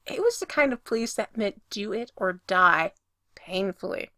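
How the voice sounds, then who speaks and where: Woman reading a story out, bright voice, kinda high, super expressive, dry close mic. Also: a little slow, no room sound. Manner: lively, expressive reading that swells when excited. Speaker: reader. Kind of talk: storytelling narration.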